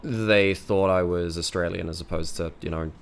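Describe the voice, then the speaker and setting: Rambling British stream host. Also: male voice, deep voice, steady tone, moderate pace, a little hiss or hum. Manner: rambling, stammering restarts. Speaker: esports caster and stream host. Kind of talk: casual live-stream chat.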